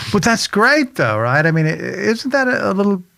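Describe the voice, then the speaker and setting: A man's voice: high voice, big pitch swings, measured pace, gravelly, sharp tone, no room sound. A man hosting a casual interview chat, jovial, with frequent stammering restarts. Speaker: host. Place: local studio.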